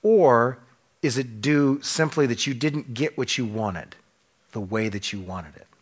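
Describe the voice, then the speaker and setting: With a husky, medium-pitched voice and a slightly slow delivery, the pastor preaches passionately to his church. Rhetorical questions punctuate the sermon as he alternates between loud, emphatic lines and sudden hushed drops.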